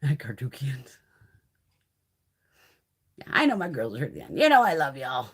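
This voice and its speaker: A middle-aged woman talks off the cuff to her live-stream viewers, swearing freely and playing out both sides of remembered conversations. Her voice swings widely in pitch and carries a slightly husky, breathy edge. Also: a little slow. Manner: swears constantly, chatty and animated, acts out quoted exchanges. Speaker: beauty vlogger chatting with live viewers. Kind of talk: casual live-stream chat.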